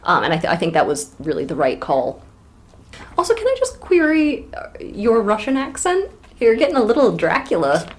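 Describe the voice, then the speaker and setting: A woman's voice: fairly low pitch, wildly swooping pitch, fairly quick. Teasing, thoughtful female podcast co-host. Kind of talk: casual book discussion.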